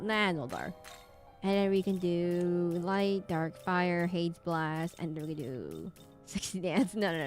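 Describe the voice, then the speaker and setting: A woman's voice: fairly low pitch, a little mellow. A young woman streaming a game, chatting casually and thinking aloud in a rambling way. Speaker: VTuber streamer. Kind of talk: casual gaming stream chat.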